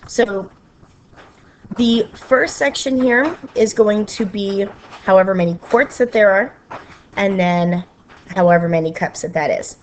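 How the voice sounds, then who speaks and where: A woman's voice: medium pitch, slight background noise. A woman teacher explaining a math lesson to her students in a patient, step-by-step way, checking in with frequent okays and sometimes slipping into a playful sing-song.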